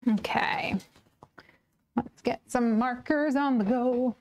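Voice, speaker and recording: Chatty woman with a soft Northern Irish accent. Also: a little high, steady tone, takes it slowly, highs cut off, slight background noise. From Northern Ireland. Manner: chatty, reads and answers viewer comments live. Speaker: live stream craft host. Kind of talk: casual chat while demonstrating card making.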